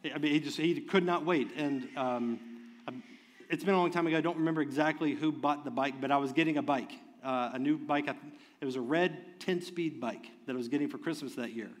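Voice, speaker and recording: Pastor guy preaching, slightly high voice, swings soft to loud and fervent, long church echo. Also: brisk. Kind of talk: sermon. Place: church sanctuary. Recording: long reverb of a large hall.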